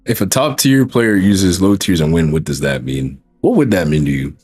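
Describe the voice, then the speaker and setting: Male stream host, low husky voice, talks in emphatic repeated questions. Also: expressive, moderate pace, a little mellow, faint music behind. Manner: emphatic, repeats rhetorical questions, swears freely. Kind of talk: casual stream chat.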